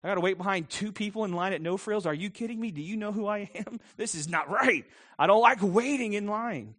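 A man's voice: sits high, brisk, fairly bright tone, pitched above the performer's own voice. A man playing a proud, impatient man who is indignant about having to wait. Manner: indignant, huffy.

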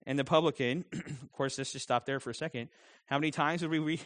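A man's voice: a little high, a little fast, fairly bright tone. A middle-aged man preaching a sermon in a conversational way, with self-deprecating humor. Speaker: pastor.

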